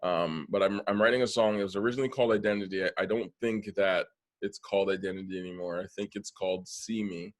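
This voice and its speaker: A man's voice: low voice, fairly even intonation, fast. A man hosting a podcast in casual conversation, an attentive listener who backs the speaker with frequent "mm-hmm". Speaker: podcast host.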